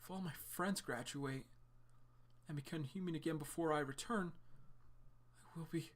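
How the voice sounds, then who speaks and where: A man's voice: on the high side, moderate pace, lightly acted. A man reading the lines of an anxious young winged man in training aloud from a comic, worried and self-doubting.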